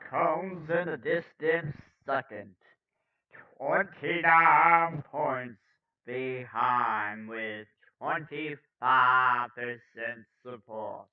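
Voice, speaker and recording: A man's voice: mid-range voice, recorded from a distance, narrow, tinny audio. A man reading poll results aloud in a mock-formal way, breaking off into swearing and sarcastic asides as a political commentator.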